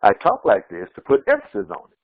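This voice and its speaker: A man's voice: on the low side, wildly swooping pitch, fairly quick, no room sound, phone-quality sound. A man preaching as an imam, emphatic and repetitive, often restarting his words mid-sentence. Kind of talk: sermon.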